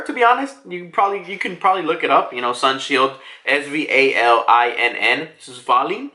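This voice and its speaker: Excitable high-voiced man reviewing comics. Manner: excitable, swears and laughs often. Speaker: manga reviewer. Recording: roomy echo.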